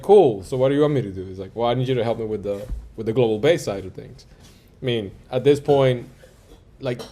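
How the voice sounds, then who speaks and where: A male music producer telling stories in a casual interview, animated, acting out quoted dialogue and peppering his talk with "like" and "yo". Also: medium pitch. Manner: frequent fillers like "like" and "yo".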